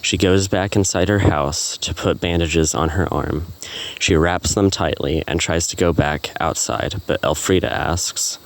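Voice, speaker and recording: Very deep-voiced man reading a story. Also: a little slow. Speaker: narrator. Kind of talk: reading a self-written story.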